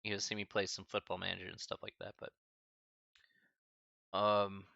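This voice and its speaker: A man teaching a math class on a live stream, saying goodbye to his students in a halting, emotional and casual way, often calling them buddy and man. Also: sits low, monotone, vocal fry, pushed and bright, no room sound, lo-fi sound. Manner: halting and choked up, many restarts and sighs; casual, friendly, calls listeners buddy and man. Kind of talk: emotional farewell talk to a live stream chat.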